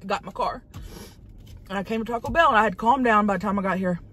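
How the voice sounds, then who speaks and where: A woman voices a brash, short-fused woman spilling drama from inside her parked car. She talks in a rambling, profane drawl. Her voice sits in a middle pitch. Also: fast talker, fairly bright tone, slightly rough. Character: brash, crude, hot-tempered Southern woman. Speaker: vlogger. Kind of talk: comedic character monologue in a car.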